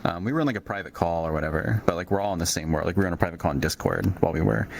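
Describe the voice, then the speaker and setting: A man's voice: sits low, very fast, creaky, poor audio. A man hosting a live stream, chatting casually and telling a rambling, profane story. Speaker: stream host. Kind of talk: casual chat.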